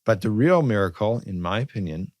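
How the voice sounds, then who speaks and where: A man's voice: fairly low pitch, animated, a little fast, a little mellow, dry recording, studio quality. A man speaking as a podcast guest, earnest and searching, with some stammering starts. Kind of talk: casual spiritual conversation.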